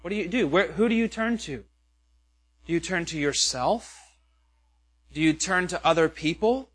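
A man's voice: fairly high pitch, lively intonation, normal speed, fairly bright tone. A pastor preaching a sermon, earnest and questioning, with many rhetorical questions to his listeners.

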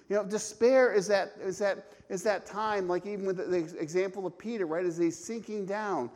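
A man's voice: sits high, fairly even intonation, moderate pace, hardly any pauses, darkish tone. A man preaching a sermon, emphatic, asking rhetorical questions and restarting his phrases often. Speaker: pastor.

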